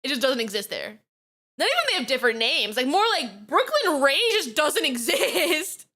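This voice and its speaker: A young woman streamer from New York, chatting casually and rambling through her thoughts with lots of fillers and giggles. Her voice is high, bright and very lively in pitch. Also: moderate pace. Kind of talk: casual reaction stream chat.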